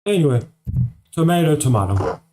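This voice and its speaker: A man's voice: on the high side, very animated, normal speed, music in the background, poor audio. A man from Australia with an American-sounding accent, chatting casually on a live stream in a rambling way, full of fillers. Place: home at night.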